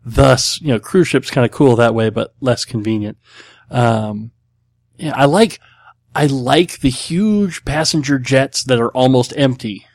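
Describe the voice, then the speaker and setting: A man's voice: medium pitch, measured pace, a little mellow, no room sound, studio quality. A middle-aged man hosting a podcast, answering listener questions in a casual, blunt, rambling way with many fillers. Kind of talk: casual chat.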